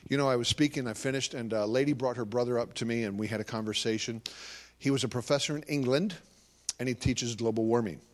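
A man's voice: mid-range voice, quick pace. A man giving a live talk to an audience as a Christian ministry speaker, telling stories animatedly and acting out conversations.

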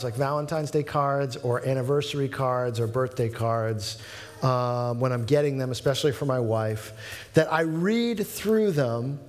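A man's voice: a little high, in a large hall. A man preaching as a pastor in a conversational sermon, restarting his sentences often and acting out quotes in a livelier voice. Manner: conversational, self-correcting with many restarts and fillers.

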